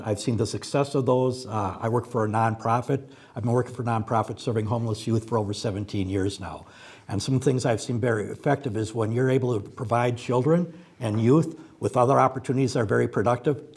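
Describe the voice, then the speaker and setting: A man answering as a candidate at a forum, earnest and steady. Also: mid-range voice, fast talker, breathy edge.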